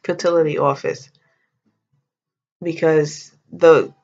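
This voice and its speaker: Woman vlogger, casual story, gravelly fry, muffled lo-fi sound. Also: sits low, fairly even intonation, slow pace, darkish tone. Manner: chatty and heartfelt, with exclamations and slang.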